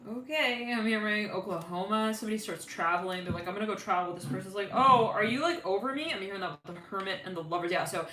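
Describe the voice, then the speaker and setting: A woman's voice: medium pitch, fairly even intonation, quick pace, few pauses, bright, forceful tone, roomy sound, a little hiss or hum, poor audio. A woman giving a casual tarot reading. She rambles with many fillers and keeps breaking into giggles. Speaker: tarot reader.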